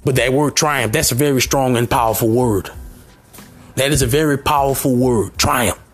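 A man giving a motivational sermon, repeating short phrases and rising to near shouts, with faint music underneath. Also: medium pitch, moderate pace. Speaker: motivational speaker.

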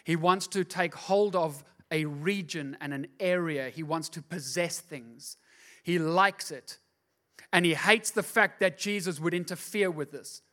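A middle-aged male pastor preaching a sermon, telling the story in a conversational way and building to loud, impassioned preaching. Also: high voice, lively intonation, measured pace.

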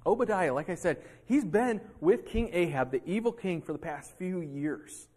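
A man's voice: high voice, moderate pace. A male pastor delivering a sermon in a church, acting out heated arguments between people. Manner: animated preaching, acting out heated quotes. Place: church sanctuary.

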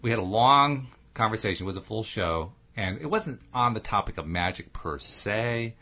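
A middle-aged man co-hosts a podcast in casual chat, telling stories and laughing often. His voice is lowish, animated, pushed, and bright, at a moderate pace.

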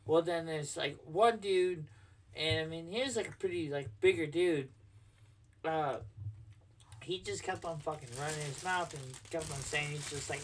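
A man's voice: a little high, normal speed, recorded from a distance. A man co-hosting a casual podcast, telling a bar story in a rambling, profane way full of "like". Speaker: podcast co-host, bar bouncer.

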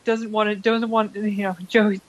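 A woman talks through her opinions on a casual podcast, circling her points with "like" and "um". Her voice sits at a middle pitch. The audio comes through somewhat dull and lo-fi. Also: level tone, normal speed. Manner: rambling, thinks aloud with "like" and "um". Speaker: podcast guest.

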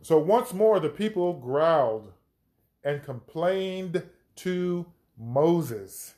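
This is a man hosting a faith podcast who reads scripture aloud and then stops to comment on it. He keeps an unhurried pace and presses hard on the key words. His voice sits slightly high. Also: animated, warm tone. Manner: emphatic and reflective, reading scripture aloud and commenting. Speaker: podcast host and Bible teacher. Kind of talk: conversational Bible teaching.

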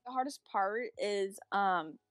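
A woman's voice: mid-range voice, lively intonation, takes it slowly, no echo, clean studio sound, faint music behind. A young woman in casual chat among friends, blunt and emphatic.

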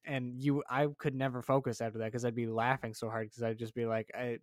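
Easygoing male co-host, mid-pitched voice, chiming in with agreement, dry recording. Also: flat delivery, brisk, no room sound. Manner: laid-back, agreeable, short replies. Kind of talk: casual gaming chat.

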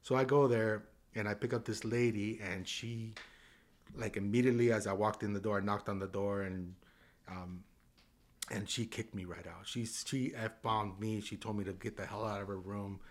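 A man in his fifties from Southern California tells his story as a podcast guest. His voice sits on the low side, and he slips in and out of the people in his story with lively acted lines. He keeps it loose and conversational. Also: normal speed. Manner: animated, acts out dialogue in changing voices. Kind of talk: casual storytelling.

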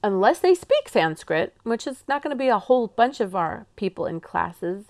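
Woman yoga teacher from the Pacific Northwest, upbeat and animated, coaching other teachers. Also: mid-range voice, creaky. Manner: enthusiastic and animated, with slow drawn-out calm phrases.

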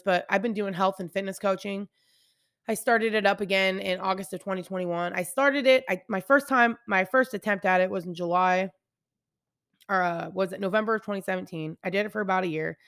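A woman in her thirties hosts a casual devotional podcast and talks to her listeners as friends, rambling candidly from one thought to the next. Her voice carries a gravelly fry. The recording is dry and close. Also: mid-range voice, fairly bright tone, no echo. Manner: candid, rambling, addresses listeners as you guys. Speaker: podcast host.

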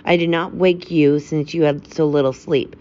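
Figure: anxious, insistent wife read by a woman. Pitch: low. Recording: slightly dull lo-fi audio. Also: steady tone, moderate pace, dark tone, lightly acted. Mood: urgent.

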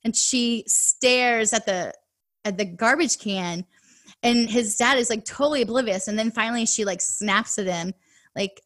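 A woman in her thirties, a money coach, chatting as a guest on a podcast interview and telling stories with quick asides. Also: on the high side, fairly bright tone.

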